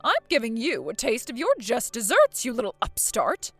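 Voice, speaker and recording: A woman's voice: on the high side, sing-song, moderate pace, fairly bright tone, breathy edge, no echo, faint music behind, exaggerated voice. A woman voicing a scheming, pompous mother-in-law in a voiced story drama, haughty and accusing. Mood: smug. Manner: haughty, accusing, self-pitying.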